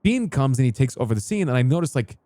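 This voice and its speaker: A man's voice: medium pitch, sing-song, fast, mellow, no room sound. A man role-playing his character, rambling through a recount and acting out quoted back-and-forth exchanges. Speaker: role-play streamer recounting an in-character incident. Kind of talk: in-character role-play storytelling.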